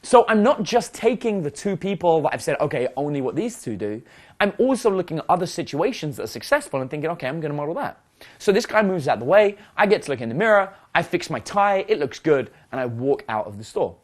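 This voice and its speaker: Animated man coaching through a story. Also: sits high, fast, few pauses. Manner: animated, chatty, full of fillers. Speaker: dating coach. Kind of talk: casual storytelling lesson.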